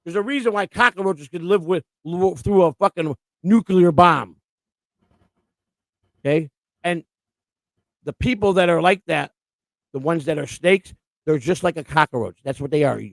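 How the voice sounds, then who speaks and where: A man's voice: on the high side, measured pace, gravelly, long pauses, no room sound. A man co-hosting a casual live stream, talking bluntly and profanely in long rants. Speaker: co-host.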